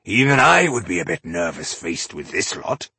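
A man voicing a restless, gruff male dwarf warrior waiting for a fight. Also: sits low, very animated, moderate pace, pushed and bright, no echo, heavily acted. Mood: impatient.

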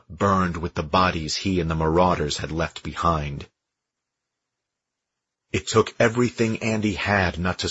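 Deep husky male audiobook narrator. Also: fairly bright tone, dry recording, highs cut off. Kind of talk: scripted narration.

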